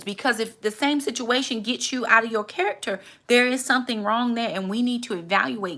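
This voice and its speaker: A woman talks easily about faith and family life as host of her own channel. Her voice is bright and sits a little high. She often jumps into quick, high, animated voices to act out other people. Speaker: channel host, mother giving faith advice. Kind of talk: casual faith talk to camera.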